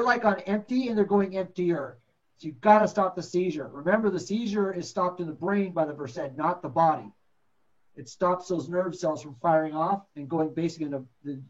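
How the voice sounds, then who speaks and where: A man's voice: on the high side, dull audio. Blunt, joking man teaching medics. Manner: blunt, joking, acts out patient stories. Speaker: paramedic instructor. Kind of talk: classroom lecture.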